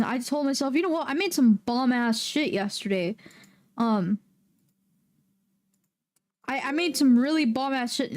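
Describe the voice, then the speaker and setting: Woman, livestream chat, excitable, swearing, high-pitched. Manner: excitable, swearing, loud outbursts. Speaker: streamer.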